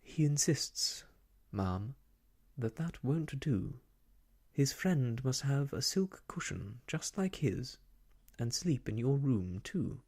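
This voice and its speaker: A soft-spoken ASMR reader voicing a calm, brisk nanny who speaks in a cool, matter-of-fact way. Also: medium pitch, slightly rough, voice pushed up, heavily acted.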